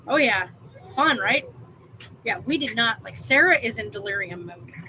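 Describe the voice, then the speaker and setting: Tired woman streamer, rambling casual chat, fairly high voice, clear household noise behind her. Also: animated, normal speed, sharp tone, rough recording. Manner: rambling, with many fillers. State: exhausted. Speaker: livestream host.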